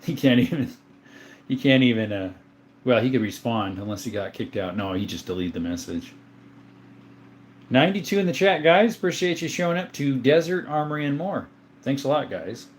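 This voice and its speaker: A man's voice: medium pitch, animated, normal speed, a little hiss or hum. Easygoing man hosting a casual livestream. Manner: easygoing, chuckles often, thinks aloud with fillers. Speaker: livestream host. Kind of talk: casual livestream chat, reading comments aloud.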